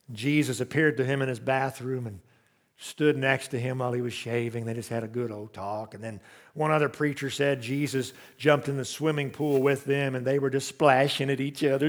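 A man preaching a sermon in a conversational, humorous storytelling way, full of asides and questions to the congregation. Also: medium pitch.

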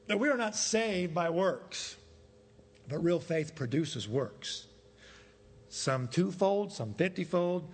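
Male pastor mid-sermon, husky, emphatic, fond of rhetorical questions; reverberant church hall. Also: a little high. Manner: emphatic, rhetorical questions, acts out quoted voices. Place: church sanctuary.

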